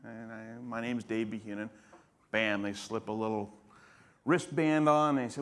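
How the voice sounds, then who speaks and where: A man's voice: on the low side, moderate pace, pauses often. A man in his fifties, a patient, telling his story casually on stage, with humor and acted-out quotes of others. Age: 50s. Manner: casual, humorous, acts out others' lines in dialogue. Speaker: patient guest. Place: conference stage.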